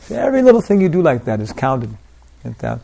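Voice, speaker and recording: An older man giving an informal devotional talk, rambling through anecdotes with lots of "you know" and soft laughs. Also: on the high side, very animated, fast talker, gravelly. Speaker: preacher.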